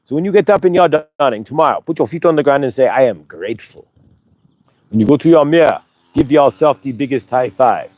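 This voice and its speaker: A man's voice: mid-range voice, darkish tone, no room sound. A man hosting a spiritual channeling show, coaxing listeners with a stream of rhetorical questions and rambling restarts. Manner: rambling, restarts mid-sentence. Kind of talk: motivational spiritual talk.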